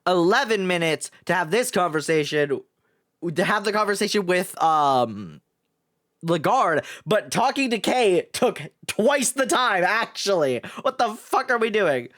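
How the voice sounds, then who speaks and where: Male streamer, casual and sweary, lively pitch. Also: measured pace. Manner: casual, swearing, stumbles over names. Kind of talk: live-stream game playthrough.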